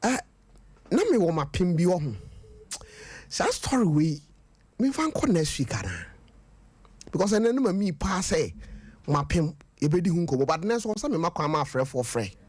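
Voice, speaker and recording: A man with a high voice hosts a storytelling radio show. He mixes Twi and English in a lively way. His voice is recorded dry and close. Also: moderate pace, long pauses, no room sound. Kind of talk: casual radio talk.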